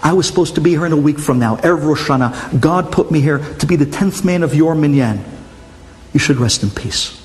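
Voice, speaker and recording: A man's voice: a little high, brisk, a little mellow, lightly acted. A man voicing an earnest, kindly older rabbi who coaxes and persists. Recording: long hall reverb.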